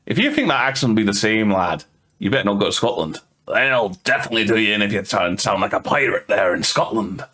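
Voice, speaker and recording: A man doing a gruff, pirate-talking adventurer who growls out yar and laddie in a low, drawling voice. The pitch sits on the deep side, and the voice comes across rough and in character. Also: expressive, quick pace, pushed and bright.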